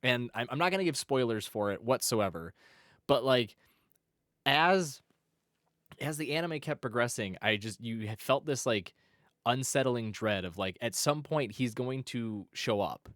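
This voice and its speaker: A man's voice: mid-range voice, lively intonation, a little slow, a bit bright, no room sound, clean studio sound. A man co-hosting a casual anime podcast, rambling with many restarts and fillers. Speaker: podcast co-host. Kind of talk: casual chat.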